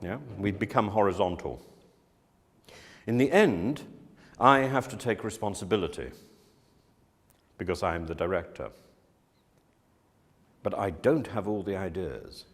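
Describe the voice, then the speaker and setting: A man teaching students, speaking slowly and acting out the things people say with lively emphasis. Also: low voice. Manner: slow, lively, acts out quotes with emphasis. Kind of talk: talk to students on directing and teaching. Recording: long hall reverb.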